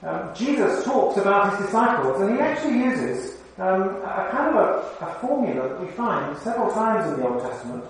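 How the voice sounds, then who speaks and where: A man with a fairly high voice preaches a conversational sermon, turning to the congregation with questions. His voice rings through a very echoey hall, picked up from well away from the microphone, with faint room sound behind. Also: big pitch swings, normal speed, few pauses. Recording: very echoey hall, mic far off.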